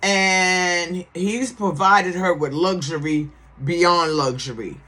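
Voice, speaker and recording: In a lowish, bright, forceful voice, a woman slowly gives casual commentary on a TV series. Her manner is sassy and emphatic: she repeats words to drive points home and keeps checking in with "okay?"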